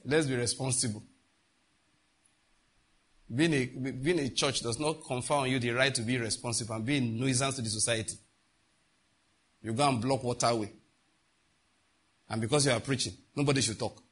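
A man's voice: mid-range voice, steady tone, moderate pace, long pauses, a bit bright, husky. A middle-aged man, preaching a sermon emphatically and asking the congregation rhetorical questions. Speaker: pastor.

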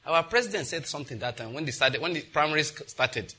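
A man's voice: on the high side, expressive, fast, pushed and bright, husky. A married man preaching a sermon, boldly leading the congregation in repeated declarations with humor. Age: adult, married. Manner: bold, humorous, leads the crowd in repeated declarations. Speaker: pastor. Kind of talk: sermon with call-and-response declarations.

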